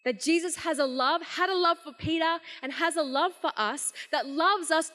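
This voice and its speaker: Young woman, youth sermon, casual animated storytelling, high voice, long hall reverb. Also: normal speed, hardly any pauses. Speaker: youth conference speaker. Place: large event hall.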